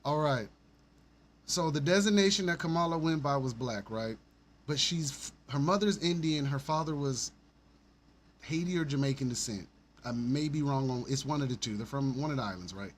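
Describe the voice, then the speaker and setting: A man's voice: medium pitch, normal speed, slight background noise. A man from Alabama, hosting a casual livestream and talking bluntly and animatedly, with frequent swearing and laughter. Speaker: stream host.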